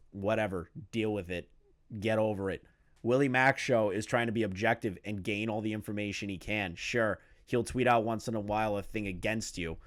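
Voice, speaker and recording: A young man hosting a reaction commentary, profane and incredulous, often breaking into disbelieving laughter. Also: on the low side. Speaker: commentary channel host.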